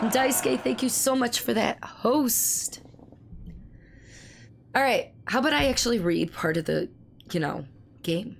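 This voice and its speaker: A hoarse woman with laryngitis, chatting casually with her stream viewers and reading their messages aloud, speaking slowly to spare her voice. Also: medium pitch, expressive, slight background noise. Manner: reads viewer messages aloud and answers them. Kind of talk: casual live-stream chat.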